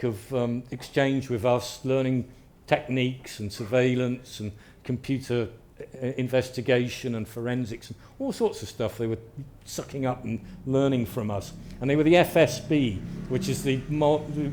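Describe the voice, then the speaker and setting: Guy telling stories to a crowd, lively, acts out the quotes, middle pitch. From Britain. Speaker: author speaking to an audience. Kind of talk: anecdotal talk. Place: venue with a live audience.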